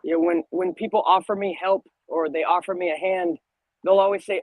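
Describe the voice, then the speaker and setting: A man's voice: sits high, fairly even intonation, moderate pace, no echo, poor audio. Thoughtful man, stammering starts. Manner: thoughtful, stammers on first words. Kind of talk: reflective casual conversation.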